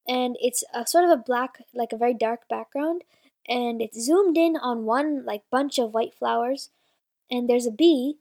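A woman's voice: a little high, darkish tone. A woman presenting a magazine, reading submissions and a recipe aloud in a casual way, with fillers and self-corrections.

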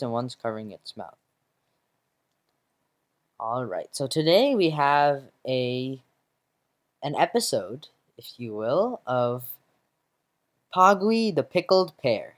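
A presenter casually narrating a comic strip panel by panel, with fillers. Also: mid-range voice. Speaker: magazine presenter.

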